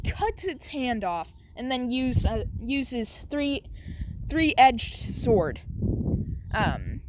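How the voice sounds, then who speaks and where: A woman improvising a fan story aloud, halting often with fillers as she goes. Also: fairly high pitch, slight background noise. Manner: halting, full of "like" and "um".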